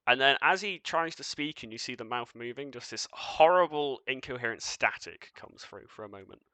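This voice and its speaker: A man's voice: medium pitch, expressive, normal speed, sharp tone, dry recording. A man narrating as game master of a tabletop game, casual and loose, with fillers and chuckles.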